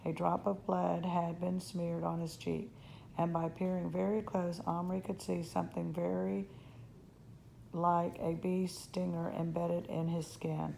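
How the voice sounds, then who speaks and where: A woman reads a children's chapter book aloud in a steady storytelling manner. Her voice is low, mellow and heavily gravelly, and she sometimes trips over a word. Faint noise sits behind her. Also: measured pace, rough recording. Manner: steady storytelling, slips on words. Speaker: reader. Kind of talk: reading a children's novel aloud.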